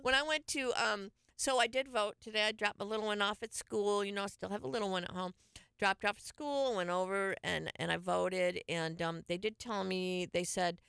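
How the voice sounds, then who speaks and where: A woman's voice: medium pitch, moderate pace, creaky, fairly bright tone, clean tone, no echo, clean studio sound. A middle-aged woman hosting a casual radio show, telling stories in a chatty way and laughing often. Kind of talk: casual morning show chat.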